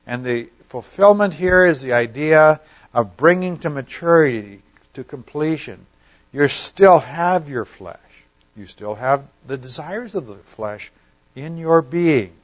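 A man's voice: fairly high pitch, expressive, unhurried. Guy teaching a bible study, chatty, keeps asking if it makes sense, kinda muffled lo-fi audio. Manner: conversational, checks in with listeners, often trails off quietly. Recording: slightly dull, lo-fi sound.

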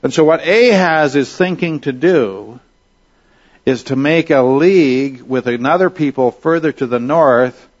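A man teaching a Bible lesson, walking his class through passages point by point. He keeps pausing to check in with his listeners. His voice sits at an ordinary pitch, and the recording sounds muffled and lo-fi. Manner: explanatory, checks in with "all right?".

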